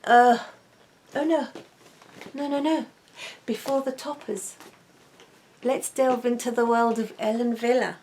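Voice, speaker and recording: A woman in a relaxed, intimate chat, gushing and repeating words for emphasis. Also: on the high side, unhurried, pauses often, slight background noise. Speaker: wig vlogger.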